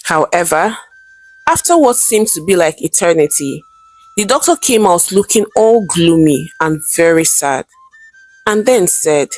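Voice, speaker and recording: A woman's voice: on the low side, expressive, a little slow, a little mellow. A woman narrating a folktale in a dramatic storyteller manner. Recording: faint background music.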